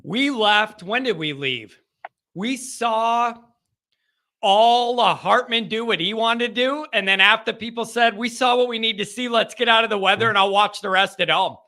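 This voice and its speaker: A high-voiced man hosts a live football call-in show. His voice is very bright and cutting. He chats easily with callers but tips quickly into excited, shouted rants.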